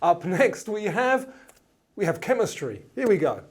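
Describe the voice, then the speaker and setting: Lively quiz-host man, higher voice. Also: no echo. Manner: reads questions and answer choices in a clear, measured way. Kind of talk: scripted quiz show presenting.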